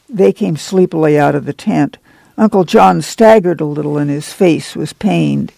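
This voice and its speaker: Man, audiobook narration, very gravelly, dark mellow tone, dry close mic, measured pace. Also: a little high, no echo. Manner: measured, steady storytelling. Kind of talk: scripted literary narration.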